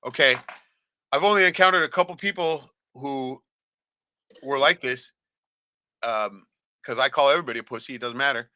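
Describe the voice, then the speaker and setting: A man's voice: medium pitch, moderate pace, pauses often, sharp tone, smooth, no room sound. A man telling stories in casual chat, bluntly and with constant swearing. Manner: swears constantly, blunt storytelling with lots of "right?".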